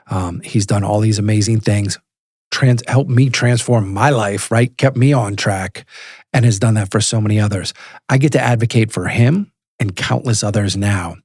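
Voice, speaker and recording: Husky man telling an animated story. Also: fairly low pitch, moderate pace, dry recording, clean studio sound. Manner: animated storyteller who acts out phone calls. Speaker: guest, prisoner advocate. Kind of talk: storytelling in a podcast interview.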